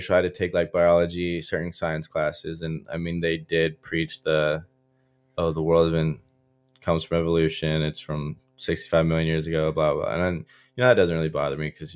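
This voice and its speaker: Casting note: young man from Florida, very low voice, relaxed rambling storyteller, interview guest. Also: brisk. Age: young adult. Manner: loose, filler-heavy, frequent likes and restarts. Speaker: guest, college football player.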